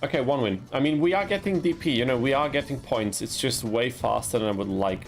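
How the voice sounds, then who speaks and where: Young male streamer, gravelly, chatty, laughs at his own blunders. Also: medium pitch, fairly quick, faint music behind. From Austria. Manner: chatty, laughs at himself, yelps in frustration. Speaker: gaming streamer. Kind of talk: casual gameplay commentary with chat.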